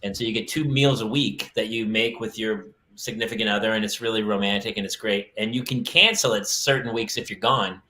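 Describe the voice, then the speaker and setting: A man's voice: lowish voice, fairly even intonation, brisk, hardly any pauses, sharp tone, echoey room. A man hosting a casual chat show, joking and teasing his guest. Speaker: host.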